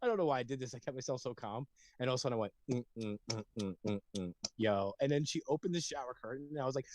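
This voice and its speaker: A man's voice: mid-range voice, lively intonation, racing, hardly any pauses, a little mellow, no room sound. A man in his thirties, a podcast co-host, rambling through a story with frequent laughs and swearing. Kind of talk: casual chat.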